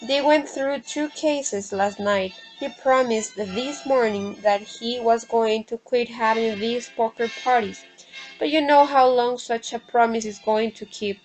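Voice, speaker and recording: A woman voicing a calm, easygoing young married woman, reading her lines slowly from a play script. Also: on the high side, soft background music, lightly acted, low-quality recording. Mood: matter-of-fact.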